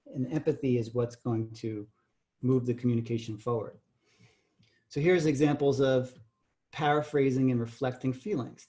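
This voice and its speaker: A man's voice: mid-range voice, darkish tone. A man leading a communication workshop, explaining patiently and checking in with "right?" tag questions. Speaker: communication trainer. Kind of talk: workshop lecture.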